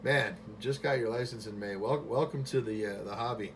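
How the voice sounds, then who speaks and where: A man chatting on ham radio from his home station into a boom mic, relaxed and friendly with lots of fillers. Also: moderate pace, a little hiss or hum. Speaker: amateur radio operator. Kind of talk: ham radio contact chat.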